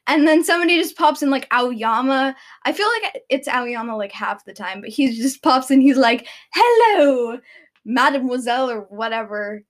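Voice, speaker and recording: A woman's voice: high-pitched, moderate pace, hardly any pauses. A teenage girl vlogging, chatting casually and rambling with many fillers and restarts. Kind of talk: casual chat.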